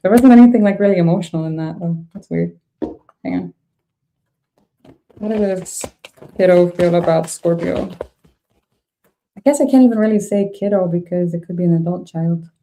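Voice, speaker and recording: A woman's voice: lowish voice, normal speed, long pauses, mellow, a little hiss or hum. A woman doing a casual tarot reading, thinking aloud with frank, laughing reactions. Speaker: tarot reader.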